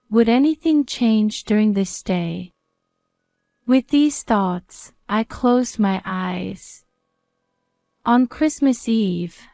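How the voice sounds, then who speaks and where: A woman narrating a first-person drama story at a slow, unhurried pace, calm and measured. Her mid-range voice is recorded close, with a dry, deadened sound. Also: medium pitch, no room sound.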